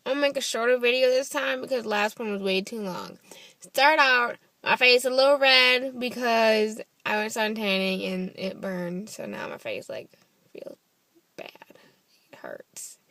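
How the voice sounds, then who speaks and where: A woman's voice: a little high, moderate pace, sharp tone, dry recording. A young woman telling a story to camera in a casual vlog, blunt and swearing freely, acting out the texts in quoted voices. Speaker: vlogger.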